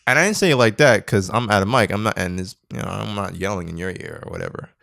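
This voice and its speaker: Animated young man telling a story. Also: quick pace, gravelly. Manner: animated, acts out quotes with big pitch jumps, laughs often. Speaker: podcast co-host. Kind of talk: casual storytelling chat.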